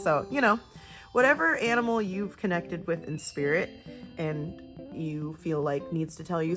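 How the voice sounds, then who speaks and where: A young woman giving a casual, chatty tarot reading to camera, gushing and talking with lively swings in pitch. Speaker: tarot reader. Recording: soft guitar music behind.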